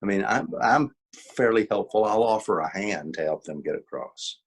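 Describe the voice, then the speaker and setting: A man with a lowish, breathy voice presents an author's workshop in an informal teaching style, his intonation lively at normal speed. He repeats key points with emphasis and acts out quoted exchanges.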